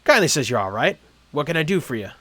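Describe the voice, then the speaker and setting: A man voicing a brusque middle-aged man with a Midwestern accent in a video game, clipped and a little louder than his own voice. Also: on the high side, very animated, quick pace, no echo, full character voice. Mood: cheerful. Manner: gruff and clipped, then loud and cheery.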